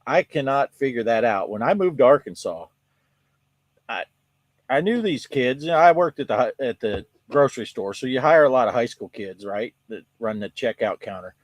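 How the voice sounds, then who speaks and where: Lively, laughing man telling stories. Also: mid-range voice, moderate pace, no echo. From southern United States. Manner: laughs through his own stories, reads chat aloud. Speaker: co-host of a livestream chat show. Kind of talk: casual chat.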